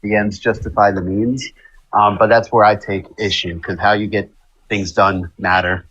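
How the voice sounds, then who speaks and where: A man in a political chat making a measured point, hesitating and thinking aloud as he goes. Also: fairly low pitch, flat delivery, fairly bright tone, slightly rough, highs cut off.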